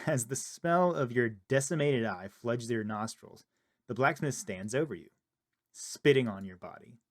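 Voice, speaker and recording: A man playing a horror game, reading the on-screen text aloud in a low murmur and reacting with loud, startled outbursts. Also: animated, a little slow. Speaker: gaming video creator. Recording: loud game music under the voice.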